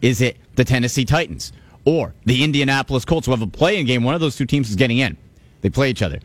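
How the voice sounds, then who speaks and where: A man's voice: mid-range voice, expressive, quick pace, no echo. A man hosting a sports radio talk show, talking with emphatic energy and repeating himself for stress. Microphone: studio microphone.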